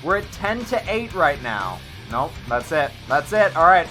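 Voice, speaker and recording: A man hosting a live-stream clip tournament in casual chat, excitable and rambling with lots of fillers. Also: a little high, a little slow, hardly any pauses, over music.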